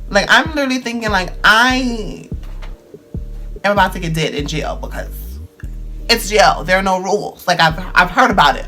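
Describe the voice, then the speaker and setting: A young man, telling a dramatic storytime vlog in slangy, animated speech. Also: high voice. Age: 20s. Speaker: vlogger.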